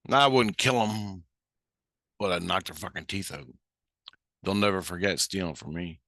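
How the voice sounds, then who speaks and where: A man's voice: low voice, moderate pace, pauses often, pushed and bright, no echo, studio quality. A man telling a story in a blunt, heated way, swearing constantly. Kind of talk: casual storytelling.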